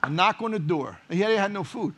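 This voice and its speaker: A middle-aged man, a pastor, preaching a sermon and telling stories with lively acted-out dialogue. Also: sits high, fast talker, noisy background. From United States. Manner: animated storyteller, acts out quoted dialogue. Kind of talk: sermon storytelling.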